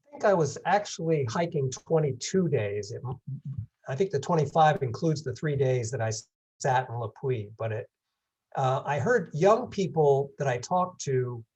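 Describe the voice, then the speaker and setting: A guest speaker in his seventies, from England, delivers a rambling, good-humored video-call presentation with Q&A, self-correcting along the way with wry humor. His voice is medium-pitched and dark, and the sound is lo-fi.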